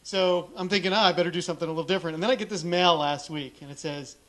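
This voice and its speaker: A man's voice: on the high side, racing, a bit bright. A middle-aged man speaking on a conference stage, telling a candid personal story in a casual way and acting out the dialogue he quotes.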